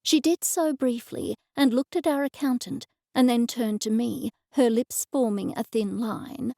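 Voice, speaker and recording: A woman narrating an audiobook in the first person with clear, even storytelling, on a close studio mic. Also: on the high side, unhurried, hardly any pauses, dry recording.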